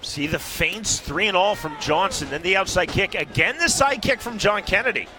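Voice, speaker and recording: Male play-by-play caller, high voice, quick calls, shouts on big strikes. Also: expressive. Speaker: play-by-play commentator. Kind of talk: fight play-by-play commentary.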